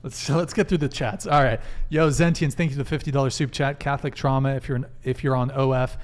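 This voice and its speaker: Male host of a live dating talk stream, brisk and joking, reads super chats. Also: medium pitch, steady tone. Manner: brisk, reads donor messages aloud and jokes. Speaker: podcast host.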